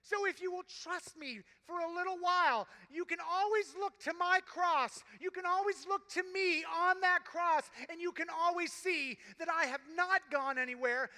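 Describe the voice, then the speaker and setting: A man's voice: very high voice, pitched above the performer's own voice, heavily acted. A man preaching as an impassioned Jesus. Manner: earnest, rising to forceful promises. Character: suffering, steadfast male Jesus on the cross. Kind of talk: preaching keynote. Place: large conference hall. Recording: echoey large hall.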